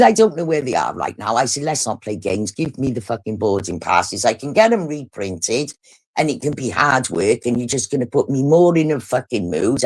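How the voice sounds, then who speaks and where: A woman's voice: a bass voice, slightly rough. A middle-aged woman from the UK, hosting a livestream and telling a story bluntly, swearing heavily. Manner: blunt, heavy swearing, animated retelling. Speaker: livestream host. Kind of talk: casual storytelling.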